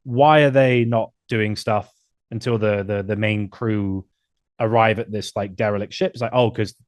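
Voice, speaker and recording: A man's voice: fairly low pitch, fairly even intonation, moderate pace, dry recording. A man hosting a casual film podcast, talking enthusiastically and now and then acting out lines in funny voices. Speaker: podcast host.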